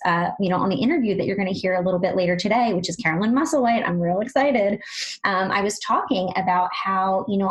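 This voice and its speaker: A woman speech-language pathologist co-hosting a podcast, chatting quickly and animatedly with lots of "you know"s. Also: mid-range voice, low-quality recording. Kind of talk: casual podcast chat.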